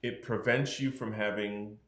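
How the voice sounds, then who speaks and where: A man's voice: lowish voice, fairly even intonation, unhurried, fairly bright tone, reverberant. A man, a doctor, explaining health matters frankly in a casual podcast conversation. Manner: explanatory, frank, acts out patients' voices.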